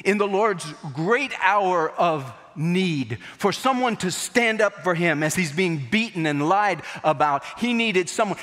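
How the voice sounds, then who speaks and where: A man's voice: sits high, expressive, unhurried, hardly any pauses, a bit bright, in a large hall. A man preaching a sermon as a pastor, telling the story dramatically and acting out the quotes.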